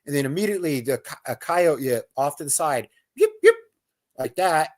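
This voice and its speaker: A man with a somewhat high-pitched voice tells his story in a loose, rambling way. He restarts his sentences, uses plenty of fillers, and breaks into imitations of the calls and sounds he describes. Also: a little fast. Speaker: guest recounting an outdoor encounter. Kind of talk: casual spoken storytelling.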